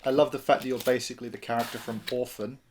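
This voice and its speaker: A man's voice: medium pitch, flat delivery, fast talker, a little mellow, slight background noise. A man playing a board game with friends, joking and reading out his character card. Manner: joking, playful banter. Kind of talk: casual chat and reading card text.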